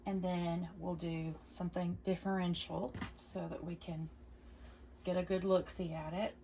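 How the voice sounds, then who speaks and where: A chatty woman talks through a quilting tutorial in a gravelly, creaky voice. She repeats each step and reassures the viewer as she goes. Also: on the low side, flat delivery, unhurried, mellow, a little hiss or hum. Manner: reassuring and encouraging. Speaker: quilting video host.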